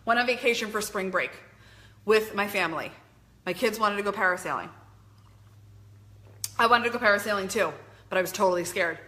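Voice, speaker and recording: A middle-aged woman and life coach giving an emphatic, animated motivational talk on a live stream, reading out viewer comments and swearing casually. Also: mid-range voice, fairly quick, long pauses. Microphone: webcam or phone mic.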